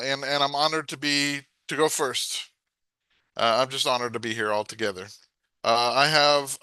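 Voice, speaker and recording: Older man from El Paso, poet at open mic, bright smooth voice, hesitant delivery, dry sound. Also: mid-range voice, dry recording. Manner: hesitant, many ums and restarts. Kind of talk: reading his own poems at an open mic.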